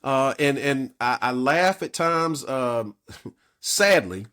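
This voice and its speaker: A man's voice: medium pitch, lively intonation, slow pace, sharp tone. A man co-hosting a community talk show, speaking in an earnest, persuasive way and often checking in with "all right?". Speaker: co-host. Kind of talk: talk radio discussion.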